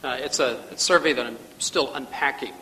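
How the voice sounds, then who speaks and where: A man's voice: mid-range voice, brisk, pushed and bright. A man politely chiming in with a hesitant addition to a discussion. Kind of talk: discussion remark. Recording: echoey hall with faint noise.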